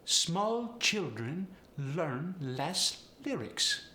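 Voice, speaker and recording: A man's voice: a little high, sing-song, very slow, bright, forceful tone, reverberant, pitched above the performer's own voice, heavily acted. A man putting on a Polish accent in English to demonstrate its sounds, exaggerating each word. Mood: demonstrative.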